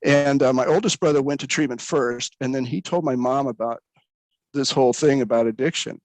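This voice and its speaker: A man's voice: medium pitch, brisk, a little mellow, no room sound, poor audio. A man, a pastor in recovery, speaking earnestly about his own story, with frequent restarts. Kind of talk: candid personal storytelling.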